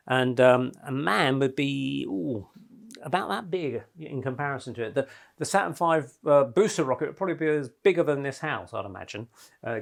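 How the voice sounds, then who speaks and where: A man's voice: on the high side, vocal fry. Chatty man giving a talk. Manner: rambling, chatty, with many fillers. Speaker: presenter. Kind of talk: live talk to a group. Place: room in a house, talk to a small group.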